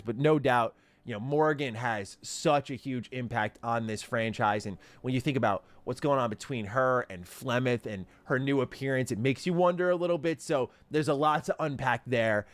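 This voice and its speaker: A man's voice: medium pitch, dry recording. A man giving casual video commentary on a game trailer, enthusiastic and rambling, with many fillers. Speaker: gaming commentator.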